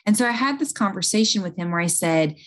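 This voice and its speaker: A woman's voice: mid-range voice, expressive, fast. A woman who works in home health, earnestly explaining a patient story in a conversation, with fillers and restarts along the way.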